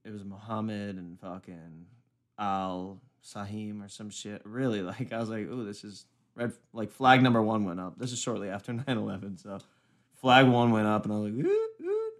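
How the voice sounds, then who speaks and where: A man's voice: lowish voice, fairly even intonation, normal speed. A man in casual podcast banter, swearing freely and joking around. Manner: profane, jokey, slips into mock voices.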